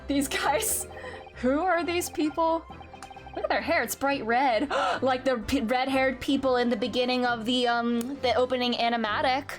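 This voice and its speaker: A woman's voice: sits high, steady tone, moderate pace, soft background music. A woman streamer giving playful, giggly commentary while playing a game. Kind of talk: let's play commentary.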